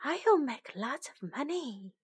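Greedy shouty pear seller guy from a kids storybook, lady doing him, slow. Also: sits high, very animated, breathy edge, heavily acted. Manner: shouting, stingy. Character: greedy, mean man selling pears.

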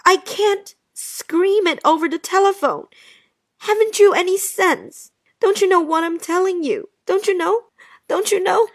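A woman's voice: high-pitched, expressive, measured pace, vocal fry, no room sound, studio quality, full character voice. A woman playing Jean, a lovesick, anxious woman. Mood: frantic. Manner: pleading, breathless and emotional. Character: anxious, lovesick young wife pleading with her absent man. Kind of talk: dialogue-story drama reading.

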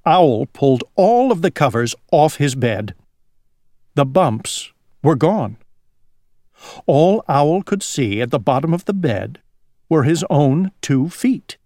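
A man reading a children's picture book aloud in a slow, expressive storytelling manner. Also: on the high side, no room sound, studio quality. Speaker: storybook reader.

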